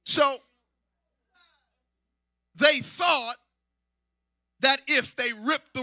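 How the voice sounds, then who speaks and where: A man a sermon as pastor, shouting and half-singing in rising waves and repeating phrases to draw responses. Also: extremely high pitch, extremely slow, long pauses, no echo, studio quality. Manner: shouting, sing-song preaching with repetitions.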